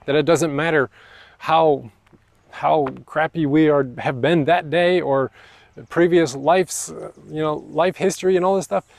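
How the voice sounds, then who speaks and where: A man's voice: a little high, fairly even intonation, measured pace, creaky, dry recording. A man preaching a sermon as pastor, in a casual, conversational way with slangy asides. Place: church.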